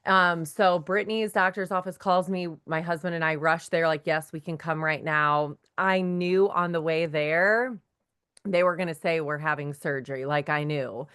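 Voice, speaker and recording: A talkative woman tells her testimony to a faith group. Her voice sits low and sounds smooth and clear. She acts out the words of the people in her story as she goes. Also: moderate pace, fairly bright tone. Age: 30s. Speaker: guest sharing her testimony. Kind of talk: personal testimony in a faith meeting.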